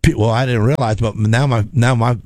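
Male storyteller, animated and folksy, dry close sound. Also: mid-range voice, fairly quick, no echo. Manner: animated, repetitive, folksy, laughs often. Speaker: race car driver telling a story. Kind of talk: casual storytelling chat.

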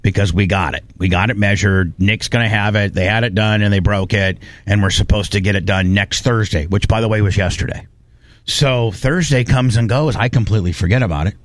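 Animated man telling a story in a dry studio. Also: on the low side, a little fast, no echo. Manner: animated storyteller, quotes others in put-on voices. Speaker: podcast host. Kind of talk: casual studio chat.

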